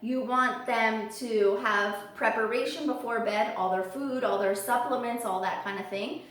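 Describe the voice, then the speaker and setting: A chatty woman with a fairly high voice talks through casual vlog tips in an animated way. She now and then jumps into high squeals to copy her birds. The sound is roomy and echoey, as if she stands some way from the microphone. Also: normal speed, recorded from a distance. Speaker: parrot vlogger. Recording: roomy echo, voice from off the mic.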